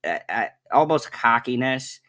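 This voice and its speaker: A man's voice: medium pitch, sing-song, measured pace, a bit bright. A middle-aged man hosting a stream, ranting in casual chat with constant swearing and an exasperated tone. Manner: profane, exasperated ranting storyteller. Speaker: stream host.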